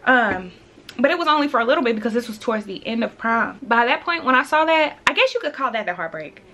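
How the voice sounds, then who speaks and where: A woman in her twenties chatting casually to camera, telling a personal story in an animated way and acting out her own past lines. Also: on the high side, fast talker, slight background noise. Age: 20s. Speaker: vlogger.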